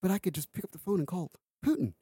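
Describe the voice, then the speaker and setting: A man with a fairly high but mellow voice chats on a casual political podcast. He speaks loosely and fills his pauses with "like" and "um". The recording is dry and close. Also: breathy edge, dry recording. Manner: loose and conversational, with many fillers like "like".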